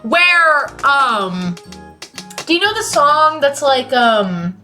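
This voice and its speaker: Profane, excitable young woman streamer. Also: high-pitched, extremely slow, soft background music. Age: late teens. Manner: profane, excitable, swings from loud to mumbled. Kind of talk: casual chat.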